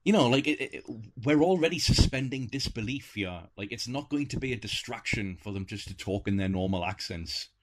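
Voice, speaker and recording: A man co-hosting a casual film review podcast, talking in an animated way and laughing easily. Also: medium pitch, a little fast, few pauses, background noise. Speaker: podcast co-host.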